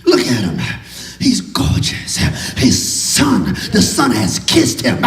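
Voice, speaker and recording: A man preaching a sermon as pastor, shouting his lines and punctuating them with a constant "uh". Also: high-pitched, wildly swooping pitch, slow, vocal fry, soft background music. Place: church. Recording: echoey church hall.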